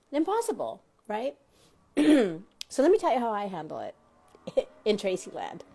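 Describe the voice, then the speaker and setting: Animated woman host, mellow voice. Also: mid-range voice, unhurried, vocal fry, husky. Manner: animated, addresses listeners directly with questions; acts out quoted dialogue in varied voices. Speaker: talk show host and self-help coach. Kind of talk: motivational teaching talk to an audience.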